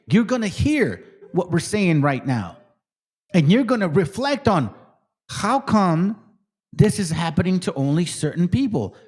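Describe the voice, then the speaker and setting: A man's voice: fairly high pitch, darkish tone. A man hosting his channel, quoting scripture in a heated, profane and confrontational rant. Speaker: channel host. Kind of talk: heated biblical commentary rant.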